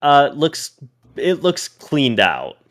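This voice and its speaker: A man narrating a tabletop role-playing game as game master, pausing and restarting as he describes each scene. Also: on the high side, huge pitch swings, fairly bright tone.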